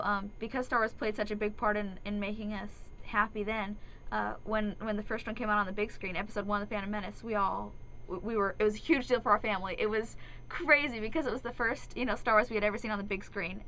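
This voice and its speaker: A young actress chats earnestly as a guest in a radio studio, often breaking into giggles. Her voice is bright and clear. She talks at an average pitch into a studio microphone. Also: fairly even intonation, fast, slight background noise, low-quality recording. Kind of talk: casual radio interview.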